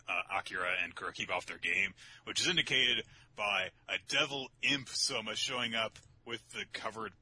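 A man casually recapping a manga chapter on a podcast, animated and sweary, often jumping into high mocking voices for the characters. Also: a little hiss or hum. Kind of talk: casual chat.

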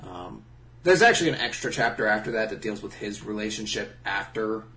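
A man with a fairly low voice talks in easygoing, joking casual chat. He comments on the story at an unhurried pace. A faint hum runs under the recording. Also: lively intonation, pushed and bright.

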